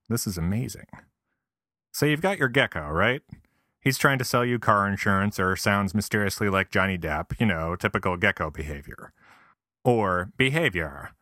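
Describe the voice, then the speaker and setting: A man's voice: on the low side, sharp tone, no room sound, studio quality. A man reading a scripted comic essay with wry, self-deprecating, mock-earnest asides. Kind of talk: scripted comedic narration.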